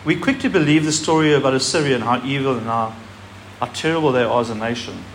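A man's voice: medium pitch, quick pace, a little hiss or hum. A man pastor giving a sermon, reading scripture aloud with emphasis and speaking animatedly to a congregation.

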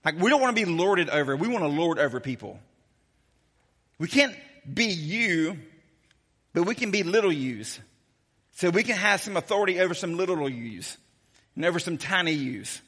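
A man's voice: high voice, expressive, normal speed, long pauses, a bit bright, breathy edge, long reverb tail, full character voice. A man voicing eager, fawning male disciples who beg for favors, in a gushing, wheedling way. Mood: scheming.

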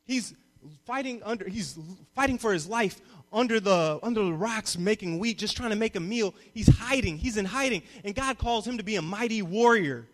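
A young man preaching a sermon as a youth pastor, moving from calm teaching to loud call-and-response. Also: high-pitched, moderate pace. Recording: long reverb of a hall.

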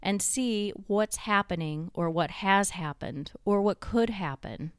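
Smooth-voiced woman giving a motivational talk. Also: mid-range voice, dry recording, clean studio sound. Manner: reflective, slows down to stress key points; builds points through repeated phrases. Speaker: motivational speaker.

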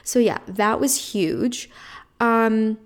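A woman hosting a solo podcast in casual chat, excitable and chatty with lots of fillers. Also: a little high, drawn-out words. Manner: chatty and excitable, many fillers like "like" and "you know". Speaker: podcast host.

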